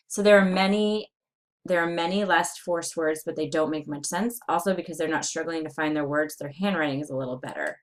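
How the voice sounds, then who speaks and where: A woman lecturing nursing students, reading through slide points with frequent fillers and pauses. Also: deep voice. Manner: reads slide points aloud with many fillers. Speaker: nursing instructor. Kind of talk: recorded lecture.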